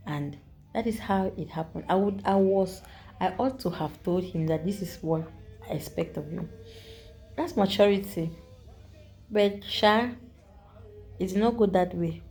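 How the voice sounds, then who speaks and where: A woman with a Nigerian accent telling a story to the camera in a chatty, animated vlog, repeating herself and adding asides. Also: medium pitch, a little slow, long pauses, soft background music. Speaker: vlogger.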